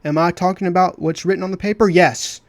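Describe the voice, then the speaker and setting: A man's voice: high-pitched, steady tone, fast, no room sound. A man commenting on a clip of his own debate, talking emphatically and repeating phrases for stress. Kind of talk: heated commentary over a clip.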